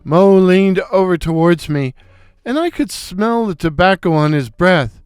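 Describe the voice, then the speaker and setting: An older man narrating a comic story in a wry, unhurried way. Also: high-pitched, clean tone, dry recording, clean studio sound. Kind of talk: scripted narration.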